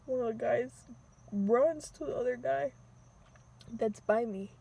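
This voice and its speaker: A young woman casually telling a personal story with slang, sometimes re-enacting pleas in a high, teary voice. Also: mellow, husky.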